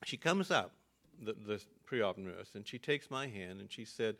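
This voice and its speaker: A man's voice: lowish voice, fairly bright tone. Older man preaching a personal story. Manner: storytelling, halting restarts, earnest. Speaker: pastor.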